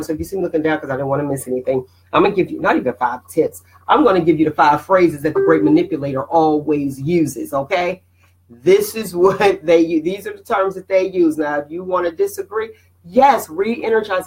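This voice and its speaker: A middle-aged woman hosting a casual motivational live stream, animated and preachy, greeting viewers by name. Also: deep voice, poor audio.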